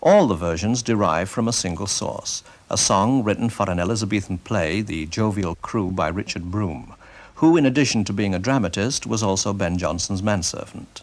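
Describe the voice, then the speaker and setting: A man presenting a radio programme in measured, critical scripted narration. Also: lowish voice.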